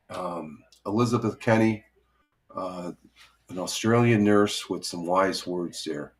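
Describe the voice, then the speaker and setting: This middle-aged live stream host speaks slowly in a deep, fairly bright voice, leaving long pauses. During his relaxed morning chat he rambles, restarts frequently, chuckles, and greets viewers by name.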